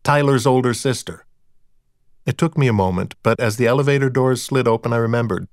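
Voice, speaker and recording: A man narrating a first-person audiobook in a dry, wry, deadpan manner. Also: medium pitch, quick pace, no echo.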